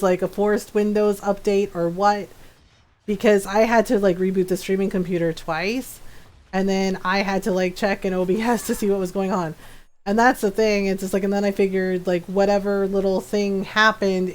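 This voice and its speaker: A woman's voice: mid-range voice, steady tone, normal speed. A woman streamer chatting casually while playing a game, rambling through stories with frequent laughs.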